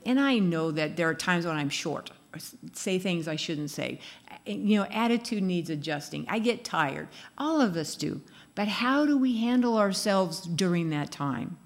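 A woman's voice: fairly low pitch, expressive, moderate pace. A woman giving a casual sermon, chatty and laughing, acting out little quoted lines as she goes. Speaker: speaker giving a devotional talk.

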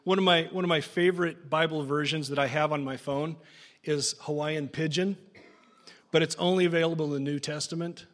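A man's voice: on the high side, steady tone, fairly quick, fairly bright tone. A man preaching a sermon, reading a long scripture passage aloud with casual, joking asides. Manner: casual, jokey asides between dramatic reading. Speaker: pastor.

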